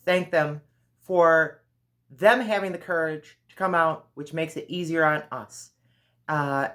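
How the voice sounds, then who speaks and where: A woman vlogger giving earnest, direct advice in a casual monologue. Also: sits low.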